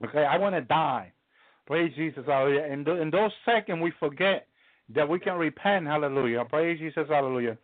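A man preaching a live testimony, halting and restarting often and peppering his talk with hallelujah. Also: fairly high pitch, no room sound. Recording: tinny phone-line sound, dry.

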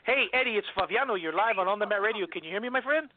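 A high-voiced man hosts a radio show at a quick clip and laughs often. His voice sounds dry and tinny, like a phone line. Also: noisy background. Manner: fast, excitable, laughs often. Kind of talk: casual radio chat.

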